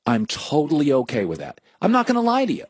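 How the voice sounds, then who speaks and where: Man, sports talk host, middle-aged, high voice, very lively pitch, joking, opinionated monologue. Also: husky, no echo. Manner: animated, joking, riffing in quick asides.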